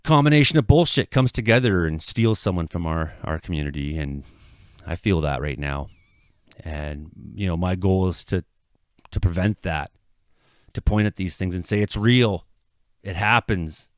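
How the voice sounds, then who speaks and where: A middle-aged man from Canada, a local weather vlogger, giving an earnest, halting apology that swells into impassioned outbursts. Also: lowish voice, no room sound, clean studio sound. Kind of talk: emotional apology monologue. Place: his home.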